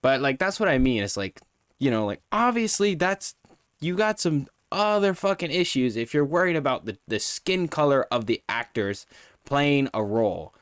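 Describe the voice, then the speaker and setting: A man's voice: medium pitch, lively intonation, moderate pace, clear, resonant tone, no room sound, studio quality. A man streaming live, ranting in a profane, heated, rambling way while reviewing a show.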